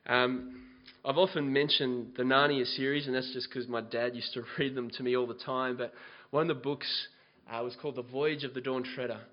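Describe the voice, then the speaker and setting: A man preaching a sermon, moving from quiet scripture reading to loud, impassioned exhortation. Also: mid-range voice, flat delivery, moderate pace, muffled recording. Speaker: pastor.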